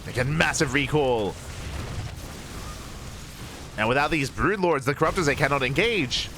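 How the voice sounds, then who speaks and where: A man casting a live strategy game match, calm in his play-by-play and bursting with excitement when the fights break out. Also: mid-range voice, normal speed, a little hiss or hum. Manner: excitable, rising sharply in big moments. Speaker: esports caster.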